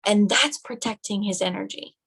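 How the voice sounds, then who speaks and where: A young woman giving an animated, direct motivational talk to her team on a live phone video. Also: mid-range voice, moderate pace, gravelly, husky, poor audio. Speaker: team leader and nurse.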